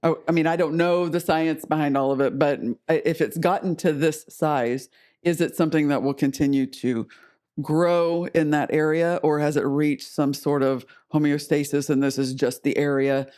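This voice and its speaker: A man's voice: on the high side, fairly even intonation, normal speed, darkish tone, clean tone. A man co-hosting a podcast in casual conversation, asking puzzled questions. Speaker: podcast co-host.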